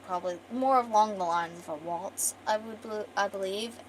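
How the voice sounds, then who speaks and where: A woman's voice: mid-range voice, moderate pace, noisy background. A young adult woman streamer retelling her own story in a casual, rambling way, with restarts and casual swearing.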